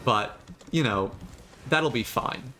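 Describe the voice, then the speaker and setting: A man's voice: medium pitch, takes it slowly, slight background noise. Man chatting animatedly while streaming a game. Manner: animated, sarcastic, rambling. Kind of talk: casual gameplay commentary.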